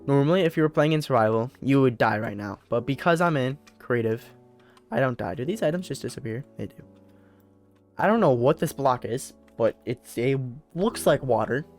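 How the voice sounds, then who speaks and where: A young man talks through a gameplay video in an easygoing, meandering way, often stumbling and correcting himself as he goes. His voice sits at an ordinary middle pitch, with faint music playing underneath. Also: animated, moderate pace. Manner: rambling, self-correcting, repeats words. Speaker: let's play host. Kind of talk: casual gameplay commentary.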